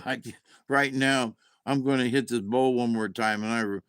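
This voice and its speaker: A man's voice: mid-range voice, fairly even intonation, moderate pace, fairly bright tone, clean tone, no room sound. A man talking in a rambling, casual monologue to his camera, losing his train of thought, chuckling and swearing offhandedly. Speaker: vlogger.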